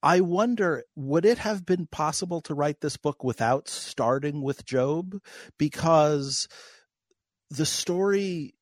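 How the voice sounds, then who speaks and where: A man's voice: on the high side, slow pace, no echo, clean studio sound. A man hosting an interview who asks questions in a conversational, enthusiastic way. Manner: conversational, enthusiastic, with restarts and laughs. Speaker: host.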